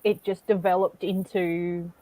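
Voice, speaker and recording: Australian woman, low-pitched voice, slow unhurried speech, blunt casual panel chat. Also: flat delivery, mellow, poor audio.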